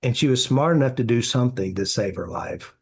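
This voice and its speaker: A man's voice: mid-range voice, animated, brisk, vocal fry, slightly rough. A man, a therapy practitioner, answering interview questions with anecdotes, acting out quoted dialogue and filling with "you know".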